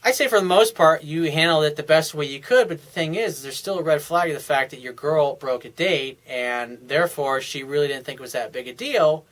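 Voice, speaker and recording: A man's voice: fairly high pitch, fairly quick, hardly any pauses, fairly bright tone. A man talking as a dating coach, giving casual advice in a blunt, frank and profane way, often restarting his sentences.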